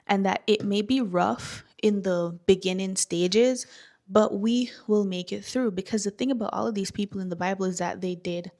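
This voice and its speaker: Woman, founder vlog, sincere and emphatic, preachy repeats, mid pitch. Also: normal speed, a little mellow. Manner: earnest, heartfelt, preacherly; emphatic, repeats lines for stress. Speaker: faith-based skincare founder. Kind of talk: personal vlog monologue.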